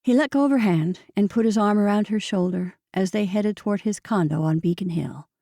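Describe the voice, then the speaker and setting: A woman reads a novel aloud with measured, steady pacing. Her voice is dark and mellow with a gravelly fry, and the close studio mic leaves it dry, with no room sound. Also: medium pitch, no room sound. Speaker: audiobook narrator. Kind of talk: scripted audiobook narration.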